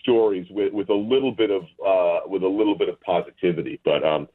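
A man appearing as a guest on a talk show, speaking haltingly with many fillers and restarts. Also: sits low. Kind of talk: casual chat. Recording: tinny phone line.

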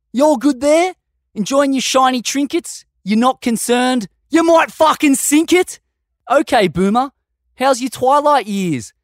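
Australian man in a loud, scornful rant. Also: extremely high pitch, dry recording, studio quality. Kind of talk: angry rhyming rant.

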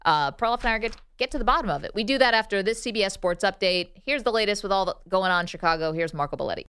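A woman's voice: mid-range voice, animated, a bit bright, clear, resonant tone. A young woman co-hosting a sports radio show, teasing her partner and laughing easily. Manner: teasing, giggly, quick to laugh. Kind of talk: casual sports radio banter.

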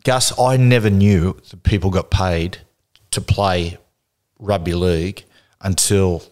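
A middle-aged Australian man, a guest in a casual interview, telling lively anecdotes and laughing through them. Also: sits low, takes it slowly. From Newcastle, Australia.

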